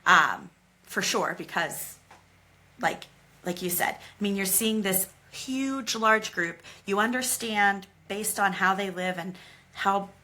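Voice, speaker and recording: Woman, podcast co-host, blunt, animated, bright tone, casual chat. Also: mid-range voice, slow. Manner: blunt, animated, swears freely.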